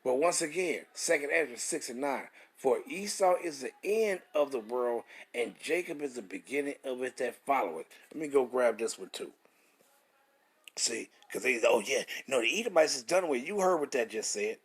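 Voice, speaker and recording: A man's voice: medium pitch, animated, moderate pace, husky. A man, preaching scripture in an emphatic, repetitive style, with rhetorical questions and swearing. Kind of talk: street-style scripture teaching.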